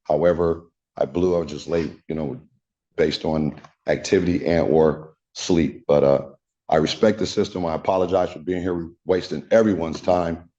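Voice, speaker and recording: An older man speaking as a defendant before the court in a halting, repetitive and earnest way. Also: low voice, fairly even intonation, mellow. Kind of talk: addressing the court. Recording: dull lo-fi courtroom audio.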